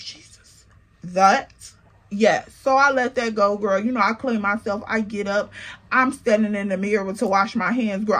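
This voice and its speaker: A woman telling a casual storytime, animated and slangy, talking straight to the viewer. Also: a little high. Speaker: storytime vlogger.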